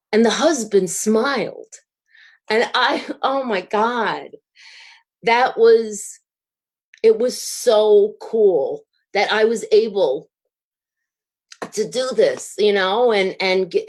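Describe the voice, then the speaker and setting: A middle-aged woman, a guest telling a story in an interview, rambling with fillers and restarts and laughing as she gets excited. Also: medium pitch. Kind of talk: casual storytelling.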